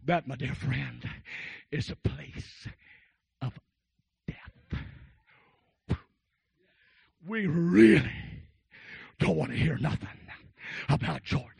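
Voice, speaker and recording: A male preacher giving a fervent holiness sermon, shouting and calling out to the congregation. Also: a little high, animated, takes it slowly, creaky, pauses often, husky, no room sound. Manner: exclaims, shouts and calls out to the congregation.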